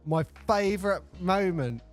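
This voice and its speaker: Animated man chatting, faint music. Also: high voice, a little slow. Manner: animated storytelling, acts out quoted lines. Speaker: podcast co-host. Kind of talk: casual chat.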